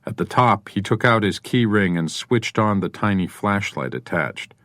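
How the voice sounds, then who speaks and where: A man reads a crime novel aloud in a measured, even delivery. His voice is low-pitched. The studio recording is dry and close, with no room reflections. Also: no room sound. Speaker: audiobook narrator. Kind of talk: scripted narration.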